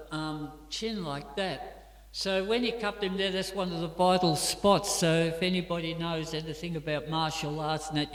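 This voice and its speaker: An Australian man with a fairly high, somewhat bright voice teaches scripture in a temple hall that echoes noticeably. His storytelling is conversational and loaded with filler words.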